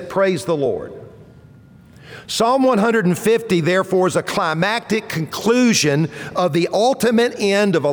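A man's voice: sits high, long reverb tail. A man in his sixties preaching a sermon as pastor, emphatic, building toward exclamations and leading the congregation in call-and-response. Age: 60s.

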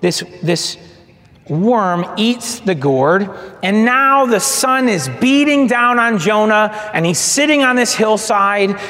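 A high-voiced man preaches in a big hall whose reverb trails after every phrase. He is animated and throws himself into each quoted line, and his delivery swings from loud to hushed. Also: slow. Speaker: pastor. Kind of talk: sermon.

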